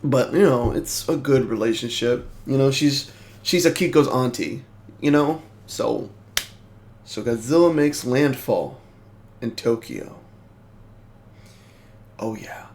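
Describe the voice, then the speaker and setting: A man giving a casual movie review, rambling, excitable and swearing freely. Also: medium pitch, slow, pauses often.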